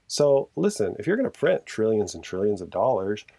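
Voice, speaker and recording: Deep-voiced man talking passionately, dry sound. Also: sing-song, fairly quick, creaky, mellow, breathy edge, no echo. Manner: earnest, passionate, rambling with restarts. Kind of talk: casual conversational chat.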